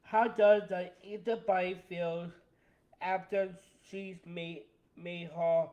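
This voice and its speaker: Young man, high voice, slow, halting, short answers, co-host. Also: level tone, muffled recording. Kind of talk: casual chat.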